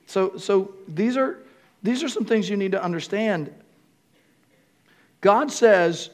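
A man pastor preaching a sermon to a congregation, repeating key phrases and building up to shouts. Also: sits high, slow pace, pauses often. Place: church room with congregation.

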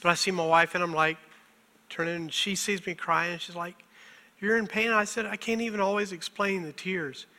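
Male pastor, middle-aged, sermon, high voice, fighting tears, self-deprecating, reverberant church hall. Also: steady tone, brisk, sharp tone. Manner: emotional, self-deprecating, often laughing through tears. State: on the verge of tears. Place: church sanctuary.

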